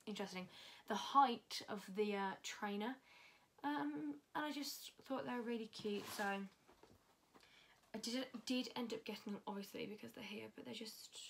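A woman's voice: a little high, moderate pace, gravelly, slight background noise. A young woman chatting casually through a fashion haul, talking freely and swearing often. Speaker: fashion vlogger.

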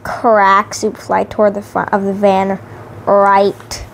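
A woman's voice: mid-range voice, completely flat delivery, takes it slowly, vocal fry, slight background noise. A woman reading a children's novelization aloud carefully, sometimes restarting words. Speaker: reader.

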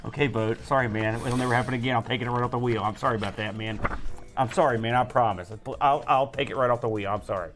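A man's voice: mid-range voice, fairly even intonation, quick pace, music in the background. A man co-hosting a casual podcast, joking and teasing. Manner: joking, mock-apologetic. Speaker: podcast co-host. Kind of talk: casual chat.

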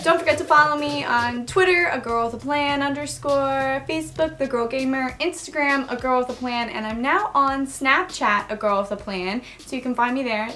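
A woman's voice: sits high, bright, forceful tone, a little hiss or hum. A young woman hosting a casual gaming vlog, bubbly and giggly, sometimes out of breath as she jumps around at home. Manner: bubbly, giggly, talks while jumping around. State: out of breath in outtakes. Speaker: gaming vlogger. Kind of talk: casual chatty vlog with physical game workout.

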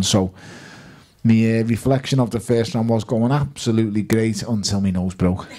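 A man with a Liverpool accent, a guest at a live fan evening, telling lively stories and quoting himself and others. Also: on the low side, normal speed. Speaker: guest boxer.

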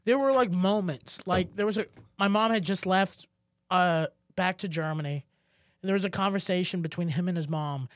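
Animated man telling a story, dry sound. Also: sits high, normal speed, dry recording. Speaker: podcast co-host. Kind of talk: casual chat.

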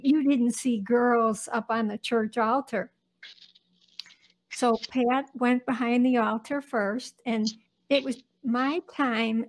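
A woman in her seventies, an interview guest recounting her own childhood in unhurried, reflective storytelling. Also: a little high, rough recording. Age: 70s. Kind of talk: personal storytelling.

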